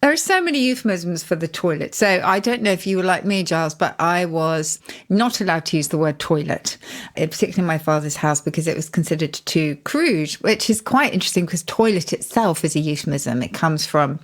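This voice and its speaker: A middle-aged woman co-hosts a podcast with a notably low voice. She explains word origins in a thoughtful, lively way and leans on words for emphasis. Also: brisk. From Yorkshire. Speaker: podcast co-host.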